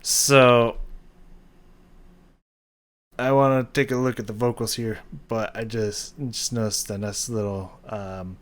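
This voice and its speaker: A man's voice: on the low side, little pitch movement, takes it slowly, long pauses. A man hosting a music reaction video, breaking down a song casually, with hesitant restarts and rhythms hummed aloud.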